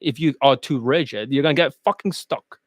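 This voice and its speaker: A man's voice: medium pitch, a little fast, dry recording, clean studio sound. A man coaching in a casual live-stream sales monologue, blunt and profane, rambling and slipping in and out of put-on accents. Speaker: dating coach.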